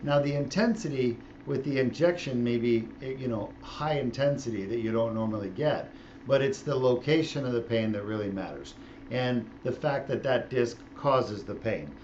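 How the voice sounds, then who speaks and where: A man's voice: mid-range voice, normal speed, darkish tone, lo-fi sound, slight background noise. A middle-aged man, a spine surgeon, explaining his work in a casual, joking way while he operates. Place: operating room.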